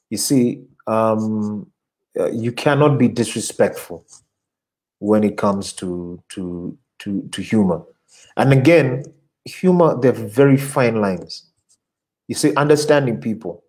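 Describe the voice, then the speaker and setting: A man's voice: on the low side, low-quality recording. A man, an advertising creative director, answering audience questions in a casual interview, talking animatedly and often repeating words as he looks for the next one. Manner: animated, repeats words while searching for them.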